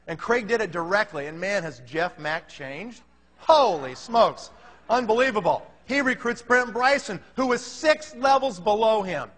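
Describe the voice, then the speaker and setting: A man's voice: high-pitched, lively intonation, normal speed, a bit bright. A man giving a motivational talk to a conference audience, telling stories energetically and checking in with the crowd as he goes. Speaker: company leader speaking at a business conference. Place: large conference hall before a live audience. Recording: reverberant large hall.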